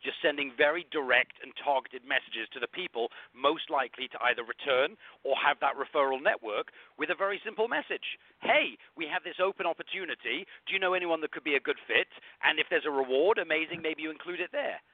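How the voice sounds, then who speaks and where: Male guest, rapid product explainer, dry narrow phone-line audio. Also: dry recording. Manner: quick, explanatory, pitching a product. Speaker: guest, alumni platform founder. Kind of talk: casual talk show discussion.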